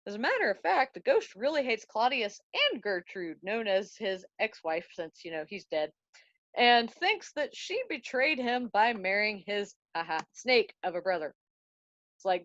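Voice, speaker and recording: A woman's voice: mid-range voice, very animated, unhurried, a bit bright, no room sound. A woman student retelling a play in a chatty, slangy way, on a dry, dull recording. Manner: slangy, chatty, laughs at own jokes. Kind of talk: casual story retelling.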